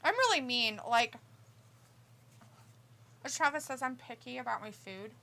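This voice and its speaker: A woman's voice: on the high side, sing-song, measured pace, gravelly, sharp tone, a little hiss or hum. A woman co-hosting a live stream who laughs easily and reads viewer comments aloud in casual chat. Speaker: co-host reading the live chat.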